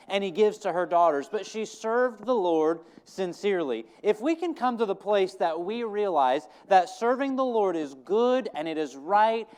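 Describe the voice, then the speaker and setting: A man's voice: high-pitched, clean tone. A man preaching a sermon as pastor, earnest, repeating his key lines for emphasis.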